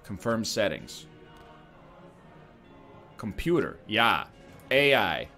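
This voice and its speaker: A man's voice: on the low side, sing-song, slow pace, pushed and bright, faint music behind. A man joking and thinking aloud as he plays a strategy game, giving casual gameplay commentary. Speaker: gaming streamer.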